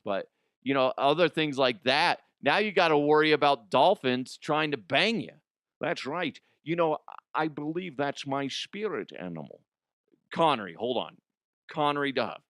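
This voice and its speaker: Male podcast host, mid pitch, smooth tone, dry sound, loose and giggly with off-color jokes. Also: a bit bright, no room sound. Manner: rambling, giggly, crude jokes. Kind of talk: comedic news podcast chat.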